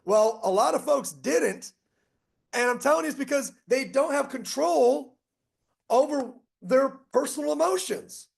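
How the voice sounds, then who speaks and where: In a very high, expressive, creaky voice, a middle-aged man leads a motivational online strategy session at an unhurried pace. He is emphatic and repetitive, reeling off lists.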